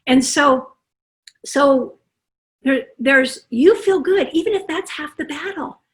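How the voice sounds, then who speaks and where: A middle-aged woman, a parenting consultant, giving an animated summit talk over a video call and acting out parent and child voices. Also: sits high, slow pace.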